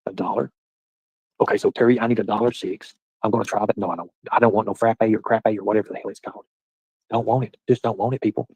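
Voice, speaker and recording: A husky, slightly low-voiced man hosts a casual livestream and rambles through profane banter with his viewers. He talks loud and loose, with a dry, close sound. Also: fairly even intonation, quick pace, no room sound, low-quality recording. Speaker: livestream host.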